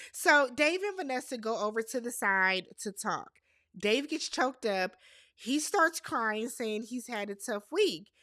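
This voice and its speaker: A woman giving casual, sassy commentary as she recaps a reality show, with animated reactions and slang asides. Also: a little high, no room sound, clean studio sound.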